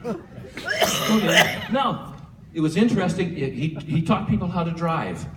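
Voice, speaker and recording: A man giving a humorous eulogy for his father at a church memorial, a lively storyteller who chuckles often. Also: on the high side, a little slow. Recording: echoey hall from far off with faint room noise.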